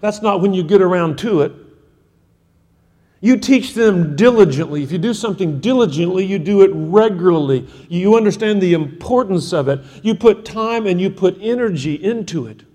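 Male preacher, high mellow voice, insistent repetition, sermon with long hall echo. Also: lively intonation, a little fast, few pauses. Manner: emphatic, repetitive exhortation.

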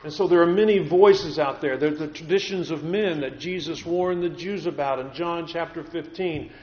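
A man's voice: on the high side, normal speed, a little mellow. Earnest preacher man in echoey church. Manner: earnest, repeats words as he builds points. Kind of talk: sermon. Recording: echoey room, dull lo-fi sound.

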